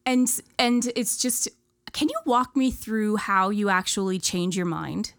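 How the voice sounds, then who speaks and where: Woman host, smooth clear voice, curious and reflective, dry close mic. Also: medium pitch, measured pace, fairly bright tone, no room sound. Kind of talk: casual interview conversation.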